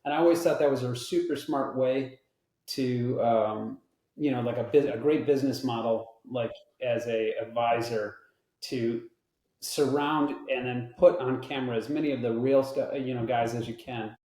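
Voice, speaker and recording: A middle-aged man, a guest on an interview show, telling a story in a casual, lively, profane way and acting out the people in it. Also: mid-range voice, normal speed. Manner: animated, profane, acts out the people in his stories. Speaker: interview guest, veteran and film technical advisor. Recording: roomy echo.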